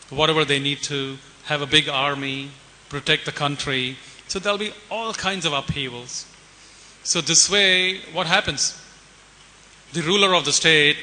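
A man's voice: a little high, pushed and bright. A man giving a sermon, telling animal stories in a conversational way and asking the audience rhetorical questions. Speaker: preacher. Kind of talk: sermon with storytelling. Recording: hiss and long hall reverb.

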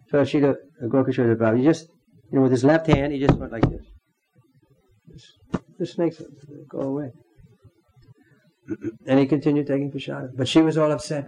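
Mellow-voiced man giving a halting devotional talk. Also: medium pitch, low-quality recording. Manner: halting, with frequent ums and throat-clearing. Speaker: spiritual teacher.

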